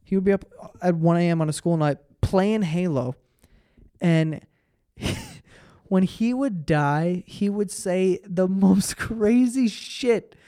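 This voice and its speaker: A tired young man hosts a solo casual podcast, telling stories in a rambling, profane way and interrupting himself. His voice is high, mellow, clear and resonant, and he takes it slowly. The sound is dry, clean studio quality.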